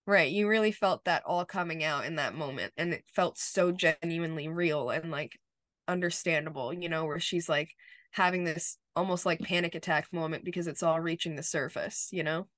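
Low-voiced woman recapping a show. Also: moderate pace, a bit bright, no echo, studio quality. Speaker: podcast co-host. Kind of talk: casual chat, episode recap.

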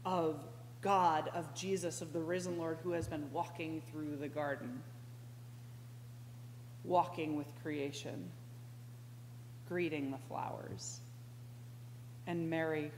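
A woman preaching a conversational sermon as a pastoral intern, slow and reflective, with sudden animated outbursts. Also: low voice. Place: church sanctuary. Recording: echoey church hall with faint hum.

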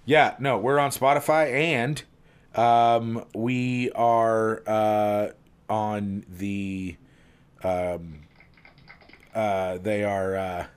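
A man's voice: on the low side, steady tone, extremely slow, clean tone. A man hosting a podcast in casual, joking, rambling chat. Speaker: podcast host.

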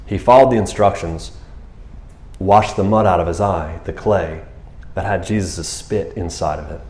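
A man preaching a sermon who tells the story with animated energy, acting out scenes in high, excited voices and laughing along the way. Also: normal speed, reverberant. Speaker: pastor.

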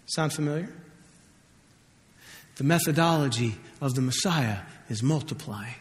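A man's voice: mid-range voice, unhurried, pauses often. A man preaching a sermon as pastor, conversational and joking, acting out scripture quotes. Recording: long hall reverb.

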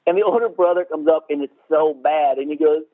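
A man's voice: fairly high pitch, brisk, no room sound. A man co-hosting a podcast from his rural house, chatting about a movie in a rambling, swearing way and mocking scenes in put-on voices. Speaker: podcast co-host. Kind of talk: casual movie review chat. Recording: tinny phone-like line, dry.

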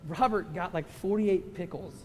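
Emotional pastor in an echoing church. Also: male voice, sits high, moderate pace, slight background noise. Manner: emotional, storytelling, swings from loud to hushed. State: tearful at times. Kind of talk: sermon. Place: church sanctuary. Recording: church hall reverb with music.

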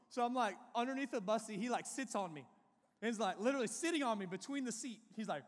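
A young man preaching, high-pitched and full of animated, excitable energy as he tells a story. His voice rings out with a long reverb, as in a large hall. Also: fairly quick. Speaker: youth pastor. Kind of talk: sermon with a personal story.

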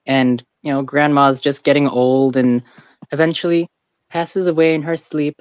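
A man's voice: mid-range voice, steady tone, measured pace, pauses often, clear, resonant tone, no room sound, dull audio. A man co-hosting a podcast in casual chat, laughing often and breaking into exasperated outbursts. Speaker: podcast co-host.

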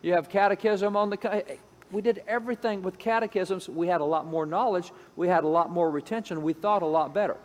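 A man's voice: sits high, fairly quick. Emphatic man lecturing in a reverberant hall. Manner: emphatic, repetitive, acts out quoted voices. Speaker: speaker on education history. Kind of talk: lecture-style talk.

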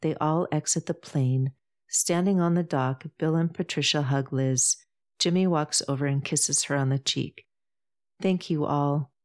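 A woman reading a novel aloud in steady scripted narration. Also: deep voice, moderate pace. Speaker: audiobook narrator.

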